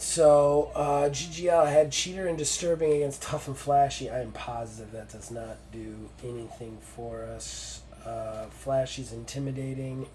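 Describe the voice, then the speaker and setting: A man narrating a solo wrestling tabletop game on stream with excited play-by-play and lots of fillers. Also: medium pitch, slight background noise.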